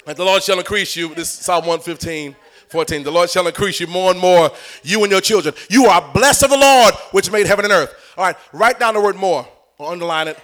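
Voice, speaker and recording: A man's voice: high-pitched, a little fast, fairly bright tone. A middle-aged man preaching a live sermon in church, joking with and coaxing the congregation.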